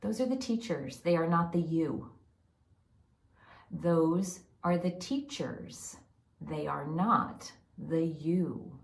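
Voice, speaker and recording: A woman's voice: deep voice, vocal fry, roomy sound, exaggerated voice. Woman channeling a serene council of light beings. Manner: slow, repetitive, incantatory delivery. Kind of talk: channeled spiritual message.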